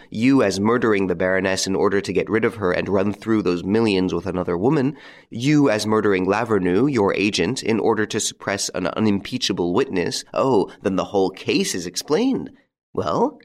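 A man voicing a suave gentleman thief in an audiobook, pressing a confident, mocking accusation. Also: on the low side, expressive, normal speed, natural voice. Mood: accusing.

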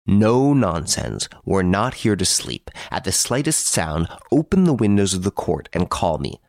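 A man voicing a gruff, impatient middle-aged detective who speaks curtly and gives orders in an audiobook. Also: low-pitched, big pitch swings, measured pace, darkish tone, dry recording, studio quality, heavily acted. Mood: commanding. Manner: curt, brusque, commanding. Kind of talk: audiobook character voice.

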